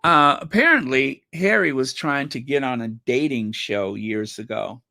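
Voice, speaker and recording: A man's voice: medium pitch, unhurried, vocal fry, sharp tone, dry recording, studio quality. A man hosting his own channel, chatting casually and reading viewer comments aloud in a rambling way. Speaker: channel host.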